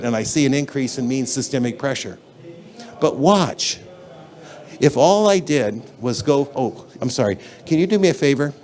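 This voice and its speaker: A man's voice: mid-range voice, expressive, normal speed, a little mellow. A man giving a conference lecture in a lecture hall, talking in an emphatic, blunt and conversational way, addressing the audience directly.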